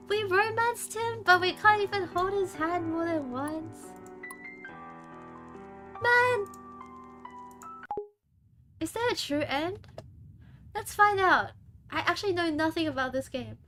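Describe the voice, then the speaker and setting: A woman streamer playing a horror dating game, reading its text aloud with animated, dramatic reactions. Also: very high-pitched, unhurried, soft background music.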